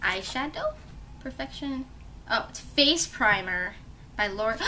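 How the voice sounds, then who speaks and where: Brief: young mom vlogger, high lively voice, gushing over gifts, noisy home room. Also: female voice, takes it slowly, gravelly. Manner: gushing, gasping, chatting to her small daughter. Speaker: beauty vlogger, mother. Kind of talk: excited unboxing vlog.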